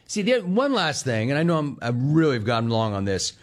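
A man's voice: mid-range voice, sing-song, fairly quick. A man hosting sports talk, ranting sarcastically and mocking the people he talks about. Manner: sarcastic, mocking, swings between shouting and mimicry. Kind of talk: sports talk radio rant.

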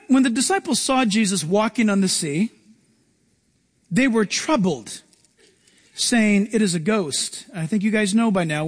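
A man preaching a sermon as pastor, animated and acting out quoted lines, sometimes shouting them. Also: high voice.

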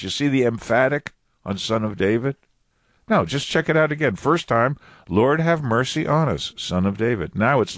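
A man's voice: mid-range voice, animated, normal speed, no echo, studio quality. A man preaching a Bible sermon, repeating and stressing phrases as he explains the text.

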